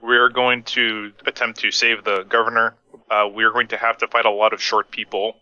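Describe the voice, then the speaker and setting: A man's voice: lowish voice, flat delivery, normal speed, bright, forceful tone, highs cut off. A man playing a tabletop role-playing game, talking hesitantly with many fillers. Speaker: player. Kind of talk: tabletop game play, casual.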